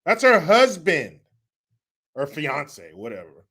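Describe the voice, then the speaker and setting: A man rants through political commentary with a sarcastic, profane, mocking edge. His voice sits high and bright, moving slowly with wide, lively swings in pitch. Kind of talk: ranting commentary.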